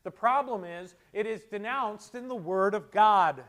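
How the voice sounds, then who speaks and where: A middle-aged man preaching a sermon as a pastor, moving between quiet storytelling asides and forceful exhortations. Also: high voice, measured pace.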